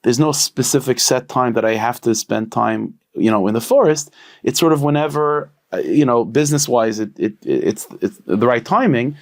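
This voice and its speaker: A man with a gravelly, creaky voice tells a story at a middle pitch. He talks in a loose, chatty way, full of "you know" and restarts, and lifts his voice when he quotes the people in the tale. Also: moderate pace. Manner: conversational, many fillers and restarts, lively voiced quotes. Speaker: storyteller rabbi. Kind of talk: casual spoken storytelling.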